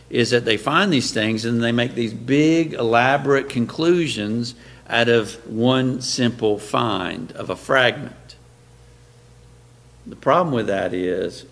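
Male preacher, gravel in the voice, emphatic, poses rhetorical questions to the congregation. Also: medium pitch, a bit bright. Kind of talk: sermon-style lecture.

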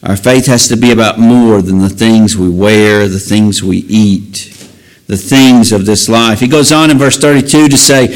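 A man's voice: lowish voice, a little slow, rough recording. A man preaching a sermon and reading scripture aloud, earnest, often building to emphatic raised passages.

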